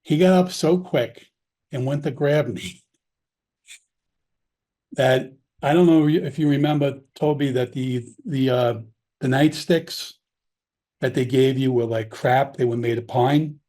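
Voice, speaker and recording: A man's voice: mid-range voice, a little slow, long pauses, warm tone. A man, a former police officer, telling stories from his career in casual conversation. He talks candidly, often restarting his sentences and acting out the dialogue. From Long Island, New York. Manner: candid, rambling, with frequent restarts and quoted dialogue. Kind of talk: casual storytelling.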